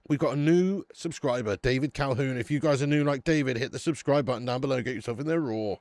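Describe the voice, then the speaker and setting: Man, football watch-along host, laddish banter, mid pitch, dry close mic. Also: no echo. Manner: chatty and laddish, swears, calls viewers mate and lad; bursts out loud at match chances. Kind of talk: live match watch-along chat.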